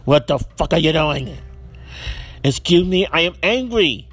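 A man's voice: fairly high pitch, lively intonation, measured pace, fairly bright tone, breathy edge. A man hosting a solo football picks podcast, ranting in exasperation and repeating himself. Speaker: podcast host.

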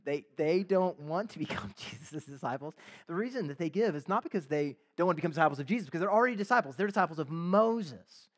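A pastor delivers a sermon in a conversational, animated way, slipping into the voices of the people in the story and tossing in casual slang. His voice is a man's voice, a touch higher than usual. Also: fast, few pauses. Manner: conversational preaching, acts out voices of biblical figures with slang asides.

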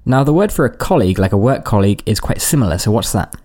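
A man's voice: fairly low pitch, very animated, fast talker, warm tone. A man from the United Kingdom co-hosting a podcast language lesson, breaking words down and explaining them. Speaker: podcast co-host.

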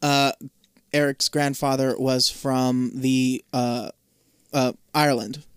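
A man's voice: medium pitch, level tone, slow, smooth, dry recording, clean studio sound. A man casually recapping a TV episode on a podcast, swearing freely and rambling as he loses track of names. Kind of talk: casual profane podcast chat.

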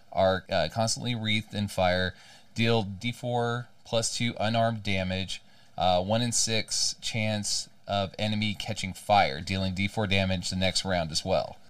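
A man with a lowish voice plays a tabletop game, talking hesitantly with many fillers. He sits a little away from the mic, and the sound is dry. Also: fairly bright tone, clear, resonant tone, no echo, distant mic. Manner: hesitant, lots of fillers, reads rules aloud. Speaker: player. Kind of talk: casual tabletop play.

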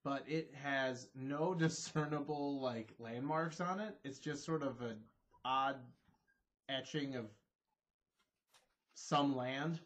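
A man's voice: medium pitch, slow, long pauses, a bit bright. A man narrating as game master, playful and a bit rambling, laughing between beats.

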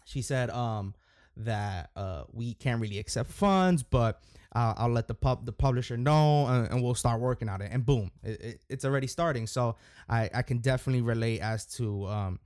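A man's voice: mid-range voice, moderate pace, darkish tone, no room sound, clean studio sound. A man hosting a podcast, talking casually and rambling, with lots of fillers and restarts. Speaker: podcast host.

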